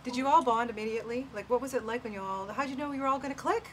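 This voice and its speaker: A woman's voice: on the high side, fairly bright tone, slight background noise, rough recording. Effusive woman interviewer. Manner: effusive, drawn-out praise. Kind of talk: press-junket interview.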